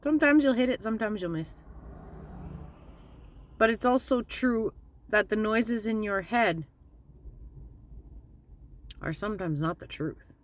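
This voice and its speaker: A woman giving a casual, candid motivational talk as a spiritual vlogger, plainspoken and slowing down to stress her points. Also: mid-range voice.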